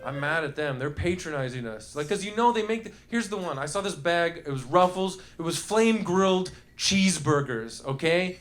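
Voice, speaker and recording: A high-pitched man on a comedy club stage, talking into a handheld mic. He rambles loosely through his bits and riffs with the audience, slipping into quick character voices. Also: animated. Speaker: stand-up comedian. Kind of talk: live stand-up with crowd work. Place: comedy club stage before a laughing crowd.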